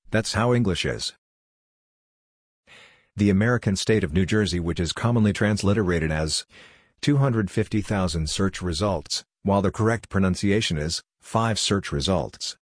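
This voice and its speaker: A man with a low, deep voice narrates a script in a measured, explanatory way. His voice sounds close and dry, with almost no room sound around it. He talks like a language explainer walking through examples. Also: no echo.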